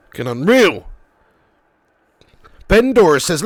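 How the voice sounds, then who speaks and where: A man commentating his football game live and reading out chat messages, excitable and swearing. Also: fairly high pitch, moderate pace, no room sound. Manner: excitable, swears, cheeky banter. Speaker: gaming streamer.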